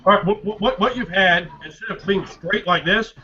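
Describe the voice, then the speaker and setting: Game master, man, sharp bright voice, halting delivery; dull lo-fi recording with faint hiss. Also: high-pitched. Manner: halting, many fillers and restarts while describing scenes. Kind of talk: narrating a tabletop game.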